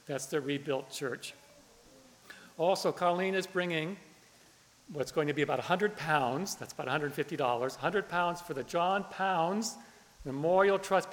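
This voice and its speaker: A man leads a church service, explaining things plainly. His voice sits a little high for a man and carries a long echo off the hall. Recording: echoey hall.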